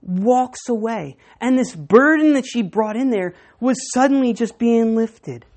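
A woman pastor preaching a sermon, telling stories and moving between hushed and emphatic delivery. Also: a little high, a little slow. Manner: storytelling, animated, swinging between hushed and emphatic.

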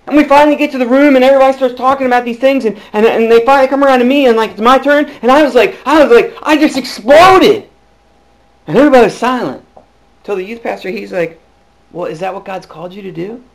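A male pastor preaching a sermon, telling his own calling story with lively swings between hushed and loud delivery and frequent restarts. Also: very high-pitched, quick pace. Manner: frequent restarts and repeated words. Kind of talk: sermon with personal testimony.

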